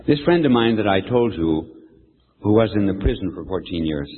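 An older male preacher tells a folksy sermon story at a moderate pace, stopping to quiz the crowd. He is an animated storyteller whose slightly husky voice swings widely in pitch. The audio sounds thin and phone-like, with a long echo from a large hall.

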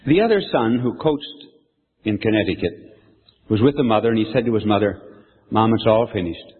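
An older male preacher tells a folksy sermon story, stopping to quiz the crowd. His voice is slightly husky and swings widely in pitch. The sound is thin and phone-like, with a long echo from a large hall. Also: fairly quick. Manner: animated, folksy storyteller who quizzes the audience.

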